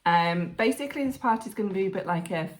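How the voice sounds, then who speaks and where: A woman co-hosting a crafting podcast in casual, rambling chat, excitable and quick to swear. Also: mid-range voice. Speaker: podcast co-host.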